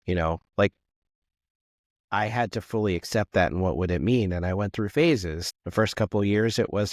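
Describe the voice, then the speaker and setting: A man's voice: lowish voice, moderate pace, no room sound, clean studio sound. A man speaking as a podcast guest, earnest and searching as he reflects. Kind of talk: reflective conversation.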